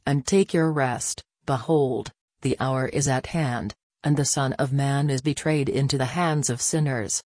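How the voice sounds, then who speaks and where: A woman voicing Jesus as a calm, sorrowful grown man in a religious reading, slow and solemn, in her own low voice. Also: dry recording, clean studio sound.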